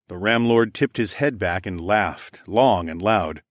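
A man's voice: lowish voice, unhurried, hardly any pauses, dry recording, clean studio sound. A man narrating a first-person audiobook story in a wry, conversational way.

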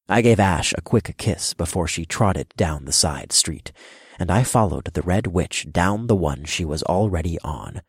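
A man giving measured first-person narration of a fantasy audiobook, turning commanding for his own character's lines. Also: deep voice, lively intonation, breathy edge, dry recording, studio quality.

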